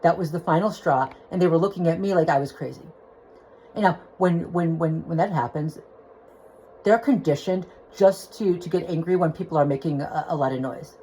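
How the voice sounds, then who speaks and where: A woman's voice: low voice, normal speed, mellow, slight background noise, poor audio. A woman telling a personal story into her phone, agitated and rambling, with restarts and swearing. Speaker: vlogger.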